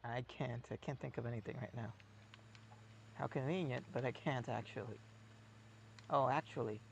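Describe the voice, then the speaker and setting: A man's voice: mid-range voice, steady tone, normal speed, vocal fry, a little hiss or hum. A man streaming a game, chatting casually in a rambling, musing, self-mocking way. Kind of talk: casual gameplay chat.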